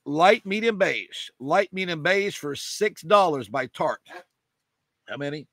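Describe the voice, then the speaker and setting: A man running a live auction, calling prices in a rapid chant with repeated numbers and coughing now and then. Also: a little high, animated, creaky, fairly bright tone. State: coughing, choked up. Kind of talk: live online auction selling.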